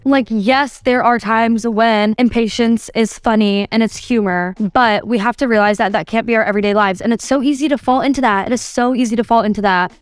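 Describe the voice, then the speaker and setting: Young woman podcasting solo, lots of "like", kinda high voice, dry close mic. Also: clean tone, dry recording. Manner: chatty, says "like" constantly, quotes herself in little acted bits. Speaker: podcast host.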